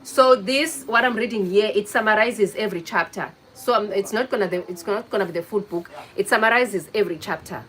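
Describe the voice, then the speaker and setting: A woman with a mid-range, fairly bright voice talks fairly quickly with hardly any pauses as she hosts a casual livestream. She greets viewers by name, chats, and teases them. The low-quality recording has a little hiss or hum.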